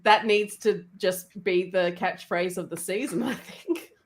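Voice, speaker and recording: A woman's voice: mid-range voice, measured pace. A woman co-hosting a casual podcast chat, teasing and laughing often over a video call.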